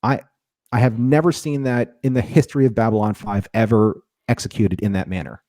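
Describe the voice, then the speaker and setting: A man's voice: on the low side, steady tone, brisk, dark tone, no room sound, studio quality. A man co-hosting a casual review discussion, rambling and restarting his sentences often. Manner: rambling, repeats words, frequent restarts. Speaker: podcast co-host.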